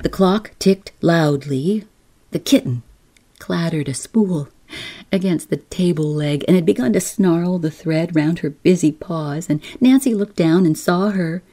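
A woman podcast host narrating a bedtime story softly and unhurriedly. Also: fairly low pitch. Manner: soft, unhurried, gentle.

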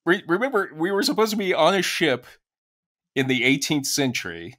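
A man's voice: on the high side, very animated, normal speed, a bit bright. A man in his fifties co-hosting a casual podcast, chatty and laughing easily as he tells stories. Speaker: podcast co-host. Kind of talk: casual chat.

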